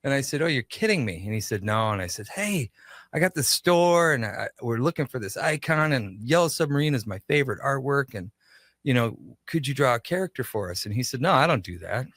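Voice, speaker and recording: A man with a bright, forward voice tells a long story as a radio guest, slipping into the voices of the people he quotes. The sound is dry and close, with no room around him. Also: mid-range voice, a little fast, dry recording. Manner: animated, acts out quoted dialogue. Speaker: shop owner, guest. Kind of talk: casual storytelling interview.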